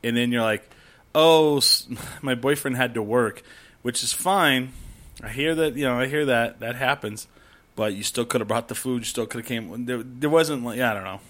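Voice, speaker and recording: A man in casual conversation, telling camping stories in a rambling way. He swears freely and acts out loud campers as he goes. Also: mid-range voice, normal speed. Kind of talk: casual chat.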